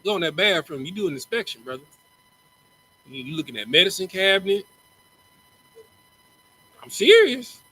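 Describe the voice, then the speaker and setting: A man's voice: high-pitched, big pitch swings, moderate pace, long pauses, sharp tone, slight background noise, poor audio. A man teaching a class in a casual, slangy, joking way, often repeating words as he starts a line. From Texas. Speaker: teacher in a religious group class. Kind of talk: casual preaching lecture.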